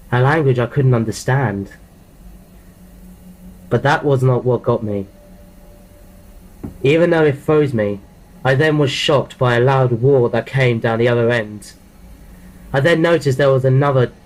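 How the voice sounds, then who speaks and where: A man's voice: mid-range voice, low-quality recording. A man narrating a horror story in the first person, reading plainly with frequent restarts and repeated words.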